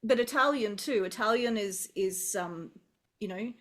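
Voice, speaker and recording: A middle-aged woman with an Australian accent talks in a relaxed, musing way over a video call. Her voice sits at an ordinary middle pitch. She circles back and restarts as she works through her thoughts. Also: measured pace. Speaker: English teacher guest. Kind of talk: casual video call conversation.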